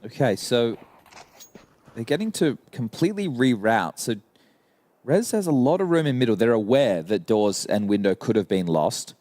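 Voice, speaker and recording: A man doing live esports commentary, calmly breaking down tactics as the match plays. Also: medium pitch, normal speed. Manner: analytical, explains tactics. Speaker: esports caster. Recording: noisy with game sounds behind. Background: gunfire from the game.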